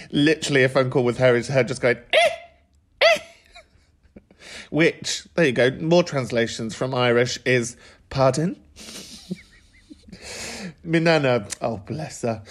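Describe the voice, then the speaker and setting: A man hosts a podcast, chatting casually and laughing through family stories. His voice sits at an ordinary middle pitch. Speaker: podcast host. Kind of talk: casual chat.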